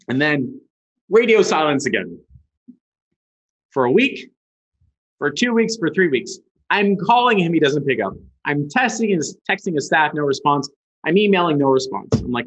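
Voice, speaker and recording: A man being interviewed as a guest, telling a story with lively energy. He talks casually, swears freely and acts out the people in his story. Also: on the high side, normal speed, breathy edge. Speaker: guest, ad agency founder. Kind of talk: animated storytelling. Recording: dull lo-fi sound.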